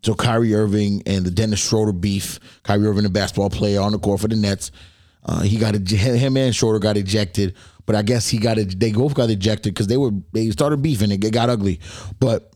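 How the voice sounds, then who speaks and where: A man's voice: lowish voice, steady tone, a little fast, a little mellow, no room sound, studio quality. A man hosting his own podcast in loose, slangy casual talk, speaking straight to his listeners, his voice slightly worn. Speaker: podcast host.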